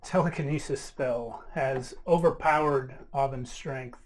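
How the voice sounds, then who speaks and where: A man narrating and calling rolls as game master of a tabletop game. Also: medium pitch. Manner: measured rulings and narration.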